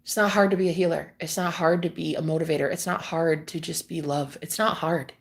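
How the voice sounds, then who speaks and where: A woman's voice: deep voice, steady tone, brisk, creaky. A young woman from the United States who hosts a livestream, chatting casually to viewers about spirituality and life, meandering, swearing freely and laughing often. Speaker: livestream host.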